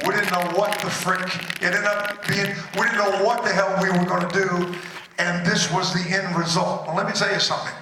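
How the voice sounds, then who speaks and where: A man talks casually and easily on a convention panel. His voice is high-pitched and heard from far off. It rings around a big echoing hall. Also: level tone, brisk, background noise.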